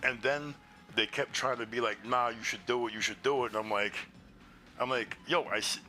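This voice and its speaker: Exasperated man ranting, bright voice. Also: mid-range voice, moderate pace. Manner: profane, exasperated retelling with quoted dialogue. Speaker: streamer. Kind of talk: casual storytelling chat.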